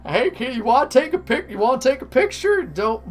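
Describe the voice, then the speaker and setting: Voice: high-pitched, sing-song, fairly quick, pitched above the performer's own voice. A game master voicing a pushy male costumed mascot, a wheedling salesman.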